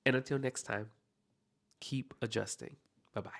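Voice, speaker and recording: A man's voice: medium pitch, steady tone, moderate pace, gravelly, a bit bright. A man hosting a solo self-help podcast, talking in an encouraging, heartfelt way and often checking in with "okay?". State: near tears at times. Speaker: podcast host.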